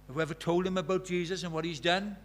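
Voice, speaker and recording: A man's voice: high-pitched, fairly even intonation, fast talker. A man preaching a sermon, earnest and questioning, retelling conversations as dialogue.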